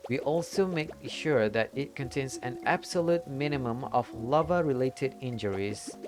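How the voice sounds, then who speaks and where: A streamer doing a cheery lodge keeper with a put-on accent. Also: medium pitch. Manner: put-on accent, welcoming and formal. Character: cheery lodge keeper hosting a guest by a volcano. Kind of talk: reading game dialogue aloud in character.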